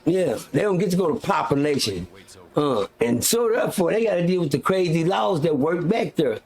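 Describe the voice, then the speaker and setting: Man, high voice, gravelly, heated profane rant, rambling with fillers, live-stream host. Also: lively intonation, normal speed, a little mellow. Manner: frequent restarts and filler words.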